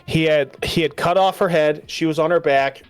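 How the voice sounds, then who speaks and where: A man co-hosting a casual podcast, retelling a movie in an animated, rambling way. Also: fairly high pitch, normal speed, clean tone, no room sound, soft background music. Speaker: podcast co-host. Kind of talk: casual movie review chat.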